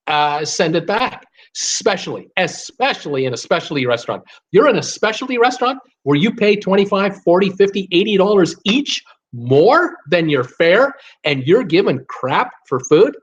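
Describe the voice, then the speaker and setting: A man's voice: high-pitched, very animated, normal speed, husky, muffled recording. An older man hosting a live cruise talk, giving blunt, fired-up advice in a ranting manner. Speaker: cruise vlogger host.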